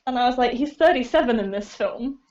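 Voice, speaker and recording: A woman's voice: fairly high pitch, expressive, a little mellow. British woman, candid podcast chat. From Britain. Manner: measured, candid, laughs at herself. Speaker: podcast co-host. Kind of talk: casual chat about films. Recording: dull lo-fi audio.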